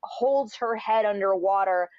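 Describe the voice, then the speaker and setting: Woman telling an animated story, dry sound. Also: mid-range voice, a little slow, no room sound, dull audio. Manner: animated, lots of fillers. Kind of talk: casual chat, improvised storytelling.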